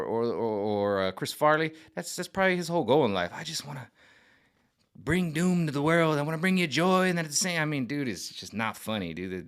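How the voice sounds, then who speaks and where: A man rambling to camera in an animated, slangy vlog monologue. He repeats himself, restarts sentences and trails off. His voice sits at an ordinary middle pitch for a man. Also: smooth. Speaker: vlogger.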